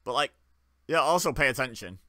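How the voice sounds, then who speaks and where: Wry, bright-voiced man. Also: medium pitch, animated, a little fast, no room sound, clean studio sound. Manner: wry, joking, laughs often. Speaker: watch-along host. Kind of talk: casual live commentary.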